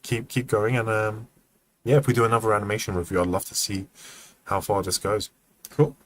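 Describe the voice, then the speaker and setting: A man with a low voice runs an animation feedback livestream in a relaxed, chatty way. He thinks aloud with plenty of ums and acts out poses as he goes. There is a faint hiss of noise behind him. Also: fairly quick. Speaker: animation mentor reviewing student work.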